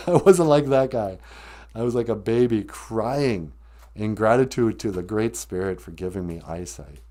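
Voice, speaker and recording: Guy comedian telling a story on a stream, kinda low voice, chatty, laughs a lot. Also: animated, a little slow, dark tone. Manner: conversational, laughs often, choked up; quotes people in short voiced bits.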